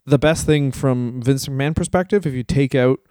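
A tired man co-hosting a podcast in a loose, rambling way, swearing freely and breaking into laughs. His voice is mellow and smooth. The sound is dry and close. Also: medium pitch, normal speed, no echo. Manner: profane, rambling, laughs often. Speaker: podcast co-host. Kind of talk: casual comedic chat.

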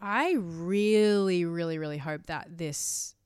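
A woman's voice: fairly low pitch, takes it slowly, a little mellow, clean tone, dry recording, studio quality. A woman hosting a solo podcast, talking in a rambling, emotional way full of fillers and casual swearing. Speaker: podcast host.

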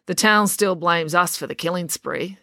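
A woman's voice: fairly low pitch, moderate pace, sharp tone, no echo, clean studio sound. A woman voicing a sulky, jealous teenage boy who grumbles a lot.

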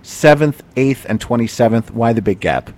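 A man's voice: mid-range voice, animated, normal speed, a little mellow. A man hosting a podcast, asking playful, teasing questions in casual chat. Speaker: podcast host.

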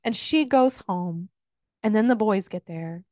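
A woman co-hosting a casual book podcast, retelling a plot with lots of swearing and quick put-on quotes of the characters. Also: mid-range voice, expressive, dark tone, no room sound, studio quality. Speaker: podcast co-host. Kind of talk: casual book-review chat.

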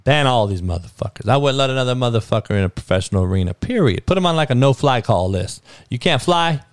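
A man hosting a podcast, ranting with a steady stream of profanity. His voice sits at an ordinary middle pitch, and he drops into low mutters before flaring up loud. The sound is dry and close. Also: fast talker, dry recording. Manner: heavy swearing, swings from muttering to loud outbursts. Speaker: podcast host. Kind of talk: profane sports and news rant.

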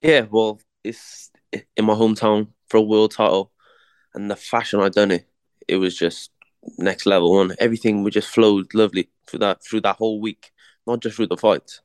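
A man's voice: fairly low pitch, fairly even intonation, moderate pace, a little mellow, clear, resonant tone, no echo, studio quality. A young man, a boxer, chatting casually in an interview, slangy and repeating words as he tells his story.

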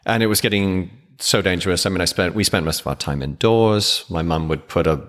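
A middle-aged man from England with a softened English accent, a podcast guest telling his life story in a wry, self-deprecating way. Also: low voice, brisk, long reverb tail. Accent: English, softened by years abroad. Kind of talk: casual interview.

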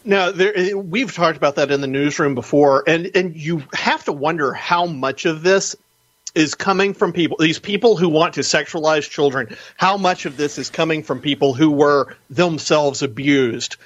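Higher-voiced man, dry and animated. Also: normal speed, no echo, muffled recording. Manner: animated, argumentative. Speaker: guest news editor on a phone-in. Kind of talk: radio interview.

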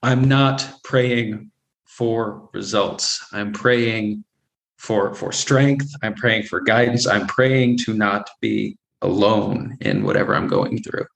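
A man's voice: on the low side, gravelly, fairly bright tone, poor audio. A man in his thirties telling his personal recovery story candidly, with frequent restarts, fillers and small laughs. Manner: halting, many repeated starts and fillers, laughs often. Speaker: guest sharing recovery story.

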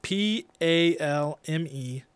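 A man's voice: fairly high pitch, slow, clear, resonant tone, no room sound. A man co-hosting a podcast, running a playful quiz game and teasing his co-host while building suspense. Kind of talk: casual podcast chat.

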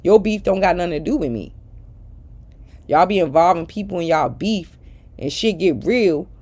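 A woman's voice: deep voice, warm tone. A middle-aged woman ranting bluntly and profanely at her followers in a casual vlog. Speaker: social media personality.

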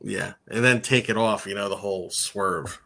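Man, bright voice, dry short replies, casual sports chat. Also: fairly low pitch, normal speed, creaky. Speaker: podcast co-host.

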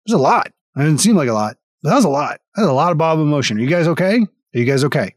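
A man's voice: fairly high pitch, big pitch swings, quick pace, dry recording. A man running a tabletop game as dungeon master, wry and rambling, swearing often as he reads out thanks.

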